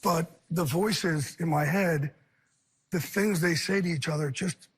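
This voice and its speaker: A man, a guest on a talk show, talking candidly and earnestly in intense rushing bursts. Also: a little high, breathy edge.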